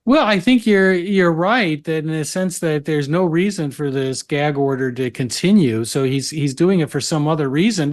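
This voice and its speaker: A man appearing as a legal analyst guest on a talk show, making his argument in a measured way. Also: a little high. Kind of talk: political talk show conversation.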